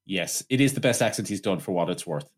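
A man's voice: low voice, expressive, fast, husky. A man co-hosting a casual film review podcast, sweary and riffing, slipping into voices to mock what he saw. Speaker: podcast co-host.

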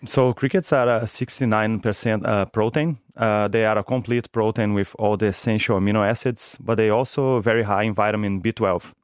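Brazilian-accented man, smooth and low. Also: steady tone, a little fast, hardly any pauses, no echo, studio quality. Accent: Brazilian Portuguese. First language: Portuguese. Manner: hesitant, frequent ums. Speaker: guest, company co-founder. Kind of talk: interview answers.

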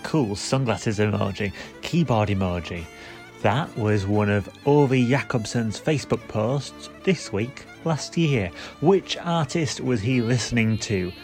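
A man reading scripted quiz questions in a measured, deadpan way. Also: medium pitch, faint music behind. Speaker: quiz presenter.

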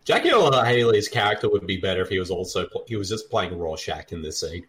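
A man's voice: on the low side, wildly swooping pitch, moderate pace, a bit bright. A man co-hosting a podcast, chatting casually over a movie and sharing film trivia, laughing often. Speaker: podcast co-host. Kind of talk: casual movie commentary chat.

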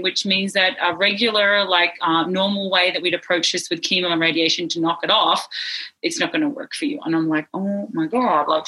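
A woman's voice: on the low side, breathy edge, low-quality recording. A woman guest telling an emotional personal story in earnest, sometimes close to tears, acting out the voices of people she quotes. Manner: earnest, tearful at times, lively quoted voices.

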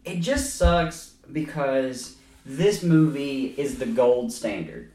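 A podcast host rants in loose, profane film chat, laughing often as he goes. His pitch swings widely, and he sits back from the mic in an echoey room, so his voice sounds roomy and distant. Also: animated, takes it slowly, mellow. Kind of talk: casual film-review chat.

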